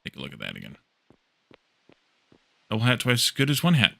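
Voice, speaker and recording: Bright-voiced man chatting through a game stream. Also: mid-range voice, fairly quick, vocal fry. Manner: relaxed, thinks aloud while crafting, reads and answers chat. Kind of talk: casual gameplay stream chat.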